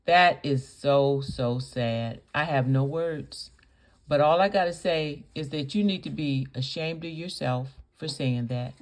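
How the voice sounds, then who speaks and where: In a low-sitting voice at a slightly slow pace, a woman hosts a reaction video. She scolds with indignation, stacking rhetorical questions and repeating points for emphasis.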